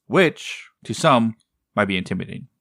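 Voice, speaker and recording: A man's voice: fairly low pitch, expressive, normal speed, gravelly, a bit bright, dry recording, clean studio sound. A man co-hosting a podcast, chatting casually and wandering off on tangents. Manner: rambling, tangential. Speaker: podcast co-host. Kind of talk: casual chat.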